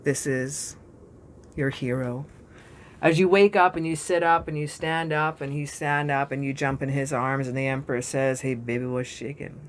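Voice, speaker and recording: A woman giving a storytelling tarot reading in an excitable, dramatic and profane way. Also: low voice, moderate pace, slight background noise. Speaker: tarot reader.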